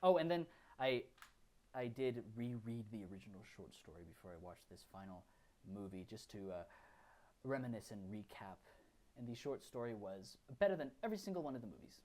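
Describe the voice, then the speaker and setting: A man's voice: mid-range voice, lively intonation, a little fast, dark tone. A man co-hosting a podcast, recapping films in casual, rambling chat full of fillers and restarts. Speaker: podcast co-host.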